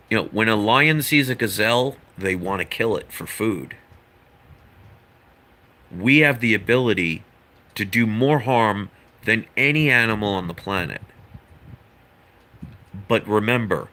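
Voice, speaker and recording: Man, earnest lecturing monologue, bright forceful tone, rambling asides. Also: on the low side. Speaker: vlogger. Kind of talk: opinion monologue to camera.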